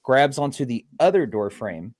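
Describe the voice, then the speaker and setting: A man and paranormal investigator telling a story on a podcast with animated energy, acting out the quoted lines as he goes. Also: mid-range voice, moderate pace.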